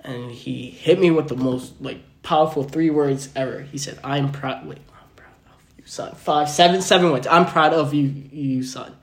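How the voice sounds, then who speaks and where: A man's voice: a little high, steady tone, moderate pace, few pauses. A young man hosting a podcast, telling personal stories casually and acting out both sides of each conversation. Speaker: podcast host. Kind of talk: casual storytelling chat. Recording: roomy echoey room.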